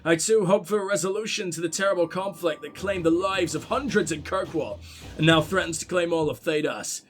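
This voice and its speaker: A man's voice: a little high, fairly quick, a bit bright, pitched below the performer's own voice, lightly acted. A man voicing a formal, devout young male prince with a put-on Irish accent, reading a letter in a stately, ceremonious way. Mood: solemn.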